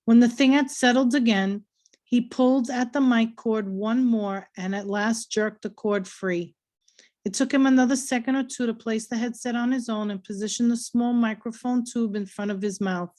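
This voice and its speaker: A woman reading a novel aloud in a steady, earnest storytelling voice. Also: on the high side, normal speed. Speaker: reader.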